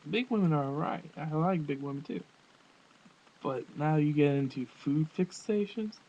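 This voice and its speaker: A man's voice: fairly high pitch, animated, normal speed, warm tone. A man giving a crude, rambling comedic rant into his webcam, often laughing. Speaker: vlogger. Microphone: webcam microphone. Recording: dull webcam audio with faint hiss.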